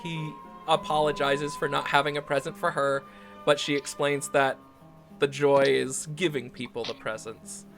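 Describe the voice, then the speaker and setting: A man's voice: on the high side, flat delivery, moderate pace, a bit bright, soft background music. Rambling young-sounding man as game master. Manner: rambling, laughing, many ums and restarts. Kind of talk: narrating a tabletop game on stream.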